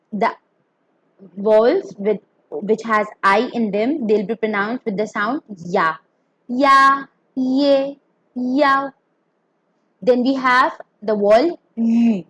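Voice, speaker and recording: A woman's voice: medium pitch, breathy edge, no echo, dull audio. A woman teaching a beginner Mandarin pinyin lesson, explaining carefully and demonstrating each tone.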